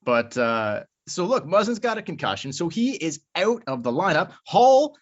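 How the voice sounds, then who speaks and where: A man's voice: a little high, big pitch swings, normal speed. A man co-hosting a podcast, talking bluntly and with lots of swearing in casual chat. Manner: blunt, profane, worked up. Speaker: podcast co-host. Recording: muffled lo-fi podcast audio.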